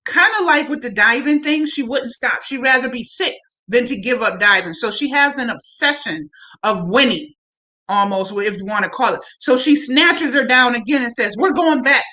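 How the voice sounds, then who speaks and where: Chatty bright-voiced woman. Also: fairly high pitch, normal speed, low-quality recording. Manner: chatty, animated retelling with asides to viewers. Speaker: show reviewer. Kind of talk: casual recap chat to camera.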